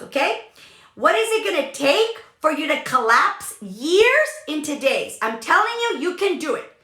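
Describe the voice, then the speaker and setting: A woman's voice: high-pitched, pushed and bright, echoey room. A woman hosting a motivational talk, speaking with emphatic energy and repeating phrases for emphasis. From California. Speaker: podcast host, business coach.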